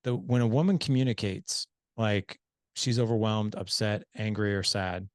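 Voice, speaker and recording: Clean studio sound without echo carries a man's lowish voice at a moderate pace. Speaking about fatherhood as a guest in a casual podcast conversation, he makes earnest points and brings his stories to life by performing the dialogue.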